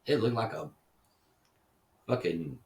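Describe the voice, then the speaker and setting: A man's voice: mid-range voice, slow, creaky, a little mellow. A middle-aged man hosting a casual solo podcast, rambling and profane, often laughing at his own jokes. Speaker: podcast host. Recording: roomy and distant from the mic, faint background noise.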